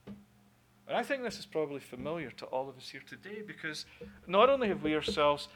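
A man's voice: fairly high pitch, big pitch swings, brisk, a bit bright. A man preaching a sermon in an earnest way, often repeating words as he builds a point.

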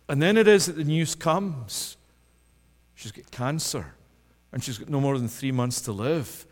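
Man, preaching, somewhat high voice, long echo of a church hall, loud pleading swings to soft. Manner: rises to impassioned, loud pleading then drops low and soft. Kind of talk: sermon.

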